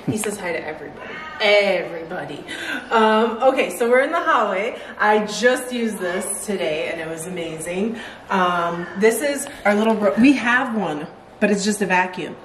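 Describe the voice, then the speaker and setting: A woman's voice: mid-range voice, animated, normal speed, distant mic, slight background noise, poor audio. A woman chatting casually in a home vlog, rambling and laughing often as she shows off her purchases. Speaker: fitness vlogger showing purchases. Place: at home, indoors.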